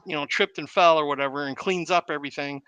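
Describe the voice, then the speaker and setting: A man, a podcast host, casually retelling a movie plot as an animated storyteller. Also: a little high, fast, clean tone, dry recording, dull audio. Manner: animated storyteller who acts out the quotes.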